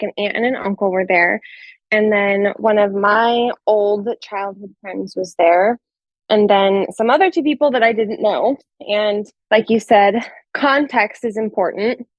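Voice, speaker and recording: A woman's voice: mid-range voice, slow pace, no room sound, muffled recording. A woman telling her story as an interview guest, talking casually with lots of "like" and acting out what people said. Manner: chatty, fills with "like", acts out quoted dialogue.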